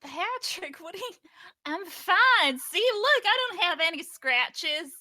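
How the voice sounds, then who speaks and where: A woman's voice: extremely high pitch, very animated, slow pace, sharp tone, dry recording, voice pushed up, full character voice. A woman voicing a cheerful, childlike young woman in a tabletop game, chirpy, giggly and eager to please. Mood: reassuring.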